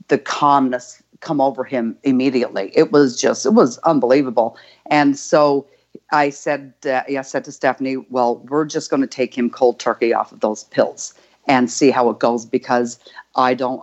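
An older grandmother from Canada, telling a heartfelt personal story as an interview guest, rambling with many fillers. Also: extremely low pitch. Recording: dull lo-fi audio.

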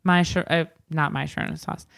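This is a young woman co-hosting a podcast, talking in casual chat and laughing often. Her voice sits low and sounds smooth and resonant. She tells the story in a loose, profane way. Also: steady tone, brisk, fairly bright tone. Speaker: podcast co-host.

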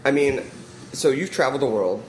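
A man's voice: mid-range voice, expressive, brisk. A man hosting an interview, asking long, winding questions full of fillers. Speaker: podcast host, interviewer. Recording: roomy sound with faint noise.

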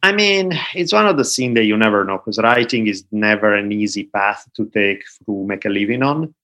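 A man in his forties with an Italian accent, a podcast guest talking in a relaxed, joking way. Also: lowish voice, moderate pace. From Italy. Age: 40s. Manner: joking, self-deprecating, relaxed. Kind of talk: casual interview chat.

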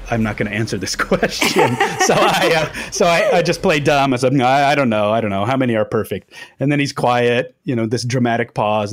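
A man, a guest on an interview podcast, telling lively anecdotes with many fillers and restarts. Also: lowish voice. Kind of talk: storytelling in interview.

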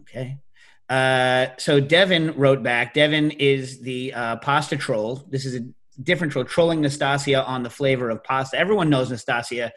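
A middle-aged man hosting a podcast, telling stories in a casual, animated way and breaking into loud shouted impressions. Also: mid-range voice, normal speed. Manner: animated storytelling, mimics loud New York shouts. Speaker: podcast host. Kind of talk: casual chat.

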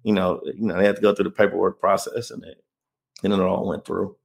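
Interview guest: a deep, gravelly man recounting his story earnestly. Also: little pitch movement, fairly quick. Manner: earnest, keeps asking "you know what I mean?". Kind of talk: emotional personal storytelling.

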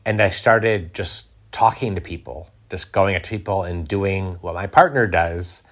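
A man's voice: low-pitched, normal speed, fairly bright tone. A middle-aged man talking in a casual interview, rambling with restarts and fillers. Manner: rambling, many restarts and fillers, laughs often. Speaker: guest, food writer.

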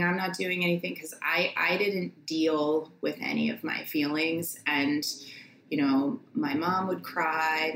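A woman in her thirties, a nurse practitioner and podcast guest, speaking heartfelt and halting with many restarts. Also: deep voice, fairly bright tone, roomy sound, a little hiss or hum, rough recording. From United States. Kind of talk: casual conversation.

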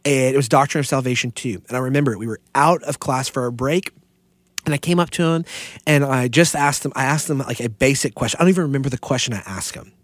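A man's voice: medium pitch, fast, no room sound. A man co-hosting a theology podcast, speaking passionately and at length in casual discussion. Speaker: podcast co-host.

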